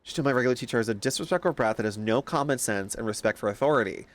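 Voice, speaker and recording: A young man streaming a game, casually reacting to chat and telling animated stories with plenty of swearing. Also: medium pitch, very fast.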